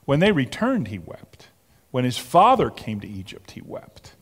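A man preaching a sermon as pastor, slow and emphatic, rising to animated exclamations. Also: medium pitch, husky. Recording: long reverb of a large hall.

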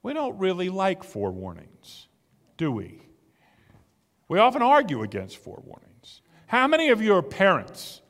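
A man's voice: sits high, a bit bright, big-room sound. A man preaching a sermon in an emphatic, conversational way, asking his listeners rhetorical questions. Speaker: pastor.

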